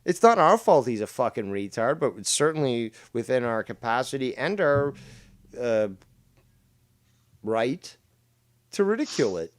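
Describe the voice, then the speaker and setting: A man's voice: mid-range voice, very animated, a little slow, pauses often. A man hosting a podcast in casual chat, blunt, heated and full of profanity. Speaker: podcast host.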